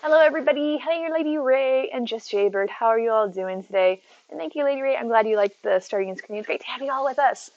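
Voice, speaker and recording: A woman's voice: a little high, quick pace, hardly any pauses, a little mellow, muffled recording. A woman streaming from home, chatting casually, greeting viewers by name and talking to her cat. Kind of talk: casual live-stream chat. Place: at home near her bed.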